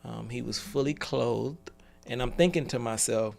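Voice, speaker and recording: A man's voice: medium pitch, moderate pace, creaky, darkish tone. A man in his forties giving an earnest motivational talk on a live call, telling stories and laughing between points. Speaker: business speaker.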